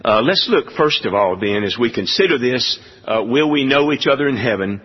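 A man preaching a sermon, speaking in a measured way with many pauses. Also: medium pitch, animated, breathy edge, long reverb tail, lo-fi sound. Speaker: pastor.

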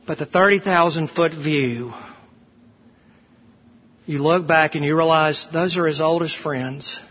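Emphatic preacher in a hall. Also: male voice, a little high, highs cut off. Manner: emphatic, slows down to stress words. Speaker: pastor. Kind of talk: sermon.

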